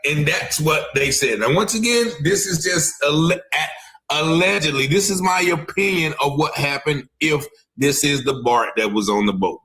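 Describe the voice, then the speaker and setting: A man's voice: medium pitch, fairly bright tone. Emphatic male true-crime commentator. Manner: emphatic, repeats "allegedly", stops to replay clips. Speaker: commentary channel host.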